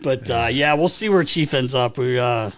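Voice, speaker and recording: A man's voice: mid-range voice, moderate pace, fairly bright tone. A man hosting a podcast, telling hockey locker-room stories in casual chat, swearing and laughing at his own punchlines. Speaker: podcast host.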